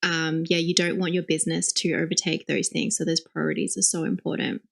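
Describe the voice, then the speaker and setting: A woman's voice: low-pitched, flat delivery, a little fast, creaky, a bit bright. A young woman co-hosting a podcast, reflecting and affirming what her guest says. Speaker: podcast co-host. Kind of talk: conversational podcast interview.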